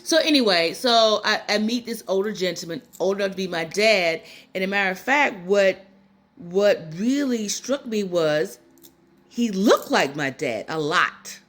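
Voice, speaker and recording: Speaking into her phone, a tearful spiritual channel host in her fifties gives viewers a casual, rambling, personal talk packed with fillers and asides, close to crying. Her medium-pitched voice is a bit bright, with lively intonation and a measured pace.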